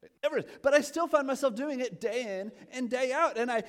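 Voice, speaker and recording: A male pastor in his thirties giving a casual, self-deprecating sermon, asking the congregation questions and swinging from quiet asides to loud emphatic points. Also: very high-pitched, a little fast. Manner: chatty, self-deprecating, asks the audience questions.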